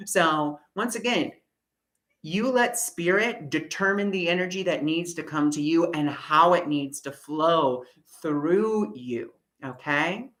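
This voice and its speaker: A woman's voice: lowish voice, expressive, slow, fairly bright tone. A woman leading a live online spiritual workshop, talking casually and encouragingly as she guides listeners through a breathing exercise. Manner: casual and encouraging, repeats reassurances, many fillers. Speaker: spiritual workshop leader, energy healer.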